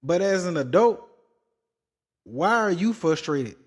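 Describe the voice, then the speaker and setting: Male podcast host, higher pitch, blunt and preachy reactor. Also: animated, slow. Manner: blunt, preachy, rising to exasperated outbursts. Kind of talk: opinionated commentary.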